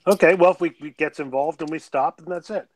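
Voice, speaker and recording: Talkative guy player, kinda high voice, dry close mic. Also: fast talker, dry recording, rough recording. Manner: talkative, reasonable, keeps the group moving. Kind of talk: casual chat at a game table.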